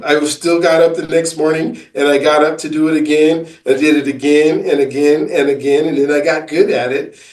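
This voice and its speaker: A man, an author and business coach, answering interview questions in a halting storytelling way full of fillers and restarts. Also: on the high side, a little mellow, roomy sound, distant mic, poor audio.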